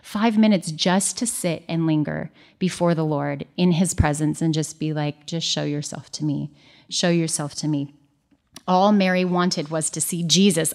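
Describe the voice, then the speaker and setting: A married woman giving an earnest, conversational Bible study teaching, mixing scripture reading with personal asides. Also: fairly low pitch. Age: young adult or middle-aged, married mother.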